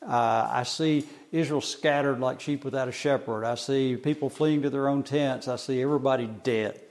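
A man's voice: mid-range voice, steady tone, moderate pace, a little mellow, natural voice. A man voicing a blunt male prophet who delivers a grim warning in a dry, sarcastic way.

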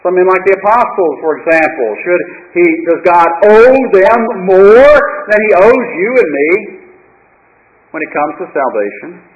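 A pastor with a high-pitched voice delivers his sermon like a storyteller, wry and dramatic, sinking into quiet asides. The sound is dull and lo-fi, like an old church tape. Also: very animated, moderate pace.

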